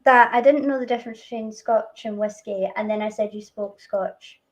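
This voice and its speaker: A woman's voice: medium pitch, fairly even intonation, normal speed. A Scottish woman hosting a stream in casual chat, chatty and laughing often. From Scotland. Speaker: stream host.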